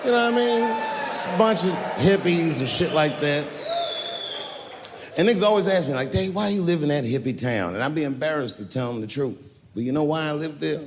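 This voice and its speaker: Animated, profane male stand-up comedian. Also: on the high side, fairly quick, noisy background. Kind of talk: live stand-up storytelling. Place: live comedy venue. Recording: echoey hall, live show.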